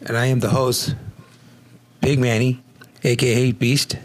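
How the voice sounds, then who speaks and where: A man's voice: mid-range voice, flat delivery, measured pace, a little hiss or hum. A man hosting a casual podcast, talking in a brash, joking way. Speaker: podcast host. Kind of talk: casual chat.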